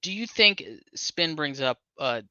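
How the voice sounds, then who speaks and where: Crisp-voiced man on a dull, dry line. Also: on the high side, animated, unhurried, pushed and bright, no room sound. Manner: easygoing, agreeable, reads out chat comments. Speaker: podcast co-host. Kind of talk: casual draft-analysis chat.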